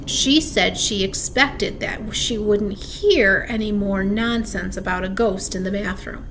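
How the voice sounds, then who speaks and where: A woman's voice: mid-range voice, unhurried, a bit bright, slight background noise. A woman voicing an imaginative, theatrical young schoolgirl with a mysterious air. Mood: earnest.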